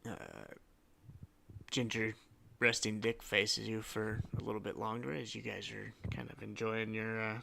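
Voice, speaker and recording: A man's voice: lowish voice, steady tone, unhurried, creaky, bright, forceful tone, slight background noise. A man narrating a tabletop game as game master, in a casual, loose style with many fillers.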